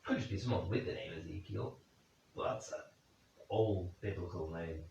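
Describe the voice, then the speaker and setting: This gravelly, fairly low-voiced man is a paranormal investigator talking through his theories in an empty room at night, pausing to think and doubt himself while questioning the spirits. Sitting well back from the microphone, he sounds distant amid heavy echo. There's a little hiss or hum over the dull lo-fi sound.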